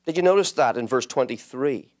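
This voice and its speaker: Emphatic preacher with a lively pitch. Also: male voice, brisk. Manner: emphatic, rising to impassioned peaks. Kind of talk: sermon.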